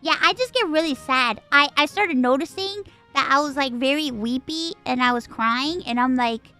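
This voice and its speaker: A woman's voice: high-pitched, normal speed, sharp tone, faint music behind. A woman streamer in casual livestream chat, bubbly, jumping between squeals and mumbles.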